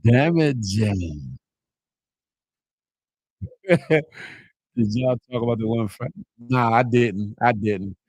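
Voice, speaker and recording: A man hosting a casual live morning show, chatting with viewers, laughing often and animated as he reads their comments. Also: mid-range voice, slow pace, pauses often, dry recording, rough recording. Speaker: livestream morning show host.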